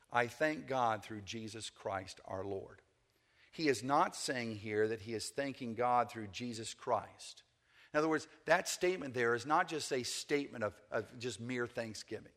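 A man preaching a sermon in a conversational way, checking in with the congregation often and rising in pitch for emphasis. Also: a bit bright. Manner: conversational preaching, frequent "okay?" check-ins; repeats words and restarts, rises in pitch for emphasis.

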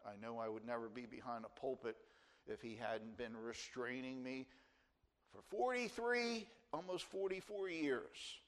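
An older man in his sixties delivers a sermon from the pulpit. His voice sits at an ordinary middle pitch, and he pushes his key phrases up with earnest, emphatic stress. He comes from New Jersey. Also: unhurried. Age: 60s. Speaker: pastor.

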